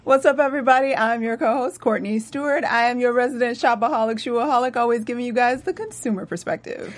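Woman, co-host, somewhat high pitch, energetic. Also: quick pace. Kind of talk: casual chat.

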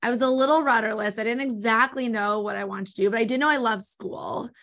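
A woman with a Californian accent, an estate planning attorney answering interview questions in a quick, explanatory way. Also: fairly high pitch, fairly even intonation, fairly bright tone. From born in New York, raised in Los Angeles. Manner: talks fast, explanatory.

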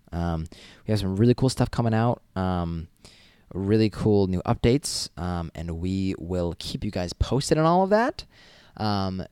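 Hosting a podcast by himself, a young man rambles casually, swearing a lot and tossing in self-mocking asides. His voice is deep, clear, and resonant with a darkish tone. The sound is studio quality with no room sound at all.

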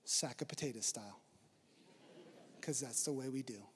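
A man preaching a sermon, earnest, swinging from emphatic and loud to soft and low. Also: normal speed, big-room sound, a little hiss or hum. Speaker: pastor.

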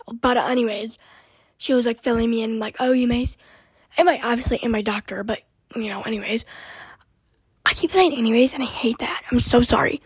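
A young woman hosting her own podcast in a rambling, chatty way full of fillers, her voice hoarse and short of breath. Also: fairly high pitch, dry recording, rough recording. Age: young adult. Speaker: podcast host. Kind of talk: casual solo podcast chat.

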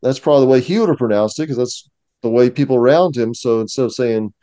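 A man's voice: mid-range voice, fast, dry recording. A man, a museum curator, talking casually and knowledgeably as a guest in a discussion. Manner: knowledgeable, explanatory, steady.

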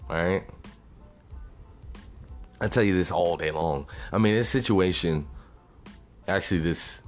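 A young man from Texas, ranting bluntly and profanely in a casual venting monologue. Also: sits low. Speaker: vlogger.

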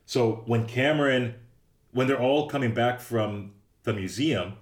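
A man's voice: mid-range voice, a little slow, reverberant. A man co-hosting a casual chat about a film, telling stories and acting out quotes. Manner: animated storyteller, acts out quotes. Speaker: podcast co-host.

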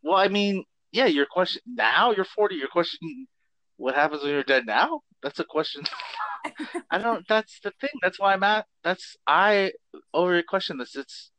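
A man's voice: high voice, animated, a little slow, bright, forceful tone, no echo. A man co-hosting a casual chat, joking and teasing, laughing often.

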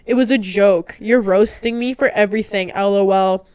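Young woman from Canada, podcast co-host, a bit tipsy, swears through an animated retelling, smooth voice on a dry close mic. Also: medium pitch, moderate pace, dry recording. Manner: profane, animated storytelling. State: a little tipsy. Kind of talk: casual podcast chat.

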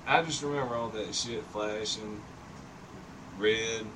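A man in his fifties with a lowish voice takes his time telling a long story in casual conversation. He rambles, swears freely, and laughs often, picked up by a distant mic with noticeable background noise.

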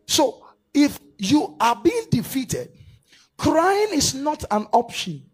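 Speaking slowly in a very high voice, a male preacher leads a live church sermon before his congregation. He directs volunteers through a staged demonstration, his animated delivery rising to fervent shouted prayer.

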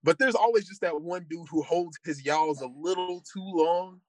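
A man's voice: on the high side, moderate pace. A man hosting a podcast, joking and teasing his co-hosts in casual banter. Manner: joking, teasing, talks up segments. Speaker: podcast host.

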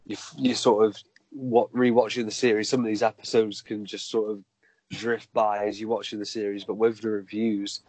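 Husky man in casual chat. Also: lowish voice, little pitch movement, normal speed, a little mellow, dry recording, low-quality recording. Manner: hesitant, many fillers and restarts. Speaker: podcast co-host.

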